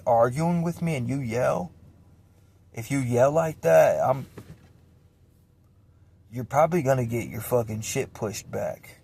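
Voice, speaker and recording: His voice is mid-range with a darkish tone as he recounts his own life in a raw confession. The telling is emotional and repetitive, full of heavy cursing and rambling.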